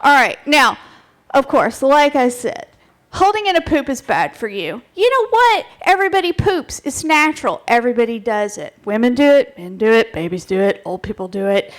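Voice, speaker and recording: Woman comic presenter with a high voice, playful and crude, banters with a bar crowd. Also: lively intonation, normal speed. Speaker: presenter at a live bar show. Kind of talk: comic stand-up talk. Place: bar stage with live audience.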